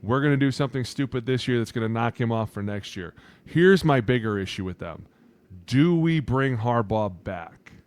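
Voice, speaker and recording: A brash male podcast co-host talking sports in a loose, casual way. He swears freely and slips into put-on voices to act out other people's words. His voice sits at an ordinary pitch for a man. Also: lively intonation, normal speed, clean tone, no room sound. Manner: loud, profane, acts out quotes in put-on voices.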